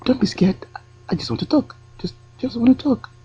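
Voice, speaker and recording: A man playing a pushy woman stranger with an Eastern European accent, pitched high above his own voice. She keeps repeating her questions in a way that will not take no for an answer. The sound is dull and lo-fi. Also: moderate pace, dark tone, breathy edge, no room sound. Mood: coaxing. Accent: Eastern European, put on.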